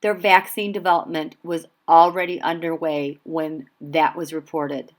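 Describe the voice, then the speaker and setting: A woman giving a solo tarot reading in a deliberate, measured way. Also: sits low, little pitch movement. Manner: slow, deliberate delivery broken by fits of giggling. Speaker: tarot reader.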